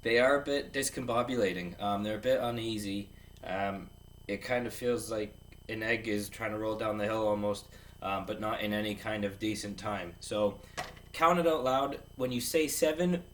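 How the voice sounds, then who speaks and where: A man's voice: lowish voice, normal speed. A man teaching a casual drum lesson, rambling and joking as he counts beats aloud. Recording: distant mic with clear background noise.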